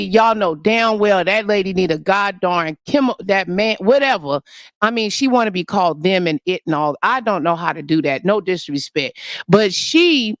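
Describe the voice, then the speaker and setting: Woman host, brash and gossipy, mid-pitched voice, dry close sound. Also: a bit bright, dry recording. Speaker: livestream host. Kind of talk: casual livestream rant.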